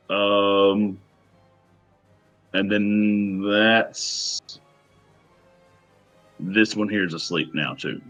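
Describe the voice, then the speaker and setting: A man acts as game master for a tabletop game, narrating in an unhurried, halting way full of fillers and pauses. His voice sits on the low side. The recording itself is a little dull and lo-fi. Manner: hesitant, many pauses and fillers.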